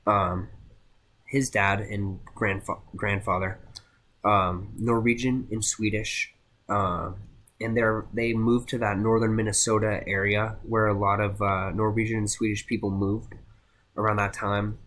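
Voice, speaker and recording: A young man giving a casual class presentation, halting with many fillers and restarts. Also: fairly low pitch, flat delivery, fairly bright tone. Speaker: student presenter.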